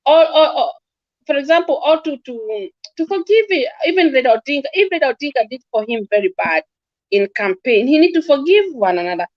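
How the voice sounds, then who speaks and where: A woman's voice: sits high, very animated, brisk, no room sound, lo-fi sound. A woman giving impassioned religious-political commentary, earnest and scolding, often repeating and stumbling over words. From Kenya.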